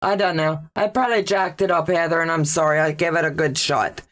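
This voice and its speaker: A woman's voice: low voice, fairly even intonation, a little fast. A woman hosting a casual sewing livestream, chatting and reading viewer comments aloud.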